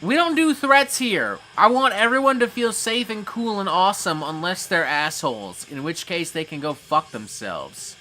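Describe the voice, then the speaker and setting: A man's voice: high voice, lively intonation, normal speed, hardly any pauses, bright, forceful tone, soft background music. A man hosting a casual livestream, reading chat messages aloud and reacting with frequent swearing.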